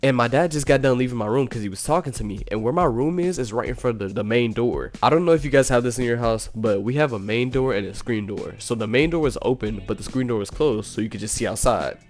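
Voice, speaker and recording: A man's voice: mid-range voice, fast, hardly any pauses, soft background music. Laid-back young man telling a story. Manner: laid-back slangy talk with lots of "you know". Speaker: storytime YouTuber. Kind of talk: casual storytime narration.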